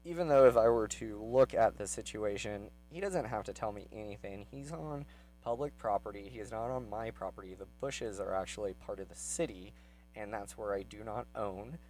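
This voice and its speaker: A man casually telling a personal story, rambling with many fillers and growing heated and quick as he retells his anger. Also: on the low side, darkish tone, soft background music, low-quality recording.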